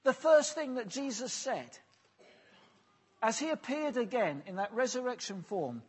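A man preaching an earnest, pastoral sermon, often letting his phrases fall soft and low at the end. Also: animated, a little slow, slightly rough. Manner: earnest, pastoral, drops softly at phrase ends.

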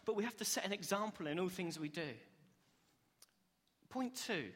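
Upbeat preacher in a reverberant hall. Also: male voice, high-pitched, animated, normal speed. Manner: earnest, upbeat, acts out quoted reactions. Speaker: preacher, cell group leader. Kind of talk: sermon. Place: church hall.

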